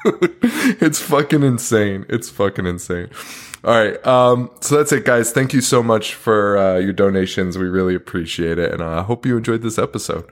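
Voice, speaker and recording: A man with a somewhat low voice co-hosts a podcast in loose, casual chat. He talks in a laid-back way, laughs a lot and swears freely while telling stories to his co-host. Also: fairly quick, hardly any pauses.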